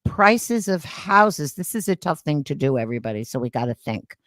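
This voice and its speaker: A woman's voice: low voice, moderate pace, no echo, studio quality. Talkative woman in her seventies. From New York State. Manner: talkative, animated, takes the floor. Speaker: co-host. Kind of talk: casual chat.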